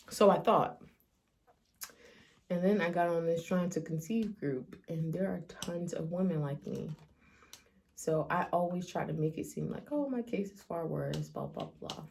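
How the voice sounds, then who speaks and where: A woman's voice: lowish voice, vocal fry, a little mellow, a little hiss or hum. A woman speaking emotionally to her vlog audience, near tears as she confides. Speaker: vlogger. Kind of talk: personal vlog confession.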